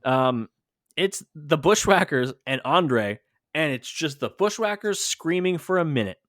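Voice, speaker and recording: A man's voice: fairly high pitch, expressive, a bit bright, dry recording. Man quizzing his co-host, dry sound. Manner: quizzing, listing names quickly. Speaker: podcast co-host. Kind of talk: casual chat.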